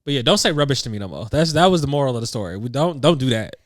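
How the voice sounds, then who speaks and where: A man co-hosting a casual podcast chat, American with a slight British touch, talking in a relaxed, rambling, slangy way. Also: medium pitch, very fast, no echo, studio quality. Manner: laid-back, rambling, slangy. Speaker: podcast co-host. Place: living room couch.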